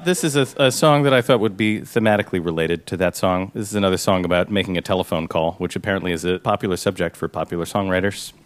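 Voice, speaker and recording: A man's voice: deep voice, fast talker, hardly any pauses. A man who is the show's house musician, singing playful parody quiz clues with a chuckling, sing-song manner. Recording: live stage with guitar music. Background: guitar.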